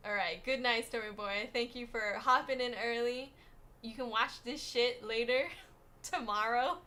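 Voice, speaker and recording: A woman's voice: a little high, sharp tone. A young American woman rambles through a casual livestream chat, profane and sassy. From United States. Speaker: streamer.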